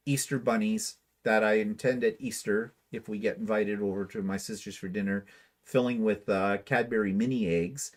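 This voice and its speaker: Wry, chatty man reading live comments. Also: on the low side. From Canada. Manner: wry, dry humor, chatty. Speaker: livestream co-host reading viewer comments. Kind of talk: casual chat.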